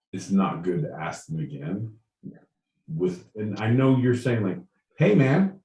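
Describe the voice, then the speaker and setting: A man's voice: deep voice, dark tone, far from the mic. A man co-hosting a comedy podcast, bantering with mock outrage and lots of swearing. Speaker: podcast co-host. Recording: echoey room, voice from off-mic.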